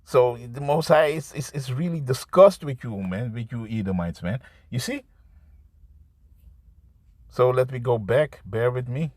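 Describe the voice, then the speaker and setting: A man preaching an improvised scripture sermon to camera. He talks in a halting, repetitive way, restarting words and tagging lines with "man" and "you see.". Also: mid-range voice, darkish tone, no room sound. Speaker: street-style preacher.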